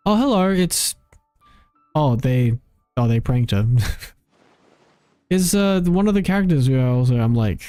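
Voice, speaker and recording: A man's voice: mid-range voice, lively intonation, a little slow, pauses often, warm tone, clear, resonant tone, no room sound, faint music behind. Rambling man streaming a game. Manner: rambling, self-interrupting, laughs at himself. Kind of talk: casual gameplay commentary.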